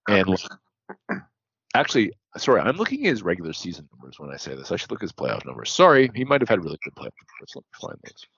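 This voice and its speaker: A man's voice: sits low, wildly swooping pitch, fast, a bit bright, slightly rough, dry recording, highs cut off. A man co-hosting a casual podcast, reeling off statistics and correcting himself as he goes. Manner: reels off statistics, corrects himself mid-sentence. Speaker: podcast co-host. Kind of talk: casual stats-heavy podcast chat.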